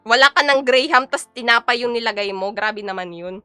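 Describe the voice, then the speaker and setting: Bright-voiced young Filipino woman streamer. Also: a little high, a little fast, clean tone, no echo. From Philippines. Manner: chatty, reads chat aloud and answers viewers; mixes Tagalog and English. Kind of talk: casual live-stream chat while cooking. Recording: dry close sound with faint background music.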